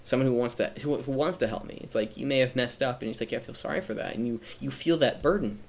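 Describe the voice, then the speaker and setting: A man's voice: mid-range voice, fast talker, creaky, darkish tone. A man streaming a reflective personal monologue, earnest and rambling, often restarting his sentences, emotional and near tears. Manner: earnest, rambling, self-correcting.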